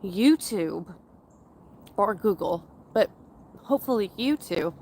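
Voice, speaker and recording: A woman in her thirties from Canada, casually chatting with her livestream viewers in a slow, rambling way, with a runny nose. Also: lowish voice, a little hiss or hum. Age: 30s. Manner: slow, rambling and chatty, with frequent fillers and laughs. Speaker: livestream host. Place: outdoors in a forest area.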